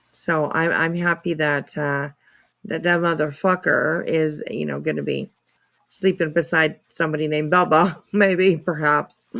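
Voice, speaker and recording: A woman's voice: low-pitched, vocal fry, a bit bright. A woman hosting a casual livestream, chatting and reacting to comments in an apologetic, talkative way, with casual swearing. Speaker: livestream host.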